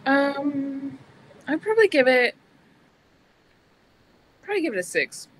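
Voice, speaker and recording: A woman co-hosting a podcast, speaking very slowly with lively rises and falls in pitch. She talks in a wry, hesitant way. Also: slight background noise, low-quality recording. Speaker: podcast co-host. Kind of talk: casual podcast chat.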